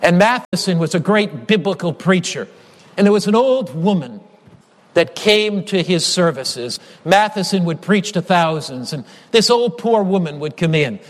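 Brief: male preacher with a high voice, emphatic sermon delivery full of repetition and stories, long reverb of a large hall. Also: animated, normal speed. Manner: emphatic, builds through repeated phrases and storytelling.

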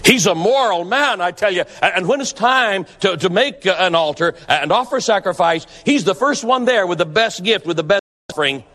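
A man's voice: high-pitched, lively intonation, moderate pace, hardly any pauses, a bit bright. A preacher voicing a chatty, opinionated male neighbor who gossips in a folksy, confiding way. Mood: admiring. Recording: long hall reverb.

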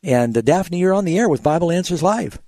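A man's voice: on the high side, expressive, a little fast, a little mellow, no room sound. Teacherly male radio pastor. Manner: explanatory, teacherly, tells illustrative stories. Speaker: radio call-in show host and pastor. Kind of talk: radio call-in Bible answers. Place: radio studio.

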